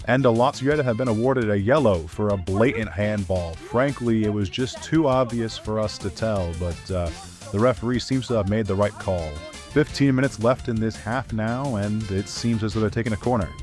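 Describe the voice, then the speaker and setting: A man giving a deadpan parody sports commentary in a mock-formal tone. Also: fairly low pitch, normal speed, music in the background, pitched below the performer's own voice, close to an everyday voice.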